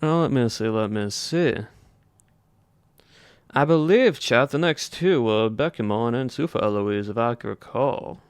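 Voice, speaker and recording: A man's voice: mid-range voice, a little slow, clear, resonant tone. Male streamer with a Southern drawl, chatty and musing aloud, clean close sound with no room echo. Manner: chatty, thinking aloud while polling chat. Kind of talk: casual livestream chat with viewers.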